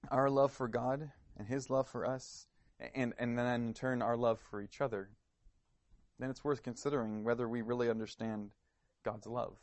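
A man's voice: medium pitch, dry recording. Male preacher, earnest sermon delivery, probing questions, dry sound. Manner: earnest, searching questions, some stammered repeats.

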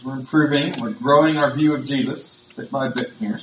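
Male pastor, mid-pitched, conversational sermon delivery with emphasis; echoey, distant, muffled church recording. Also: normal speed, slight background noise. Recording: roomy, distant, dull sound.

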